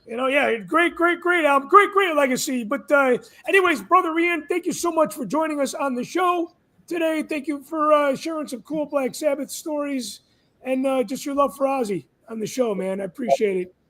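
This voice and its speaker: A man hosting a casual live-stream chat show, excitable and swearing freely. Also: extremely high pitch, moderate pace. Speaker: host.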